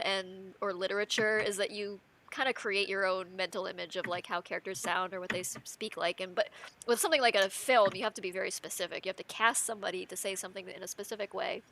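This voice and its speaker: A woman's voice: medium pitch, background noise. A woman chatting casually on a livestream, rambling with many fillers and laughing often. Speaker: animated film crew member.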